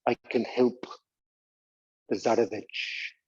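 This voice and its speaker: A man voicing a brooding self-proclaimed male mystic monk, speaking slowly and portentously in a low tone. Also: steady tone, a little mellow, breathy edge, dry recording, dull audio. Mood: ominous.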